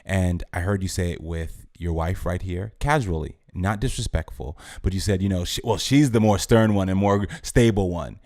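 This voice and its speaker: American man in his thirties, very deep gravelly voice, dry close sound, calm earnest advisor. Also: dry recording. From United States. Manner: calm, measured, sincere. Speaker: guest, TV host giving advice. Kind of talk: earnest advice in conversation.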